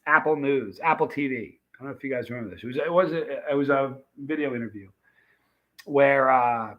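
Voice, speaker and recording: Speaking briskly at a medium pitch, a middle-aged American man hosting a stream tells his chat a meandering story with many restarts, acting out the quoted lines. The audio is dull.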